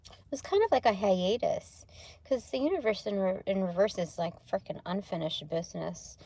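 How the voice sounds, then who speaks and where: A woman's voice: mid-range voice, moderate pace, warm tone, slightly rough, no echo. A young adult woman chatting casually on a spiritual livestream, rambling, laughing often and swearing lightly as she reads tarot cards.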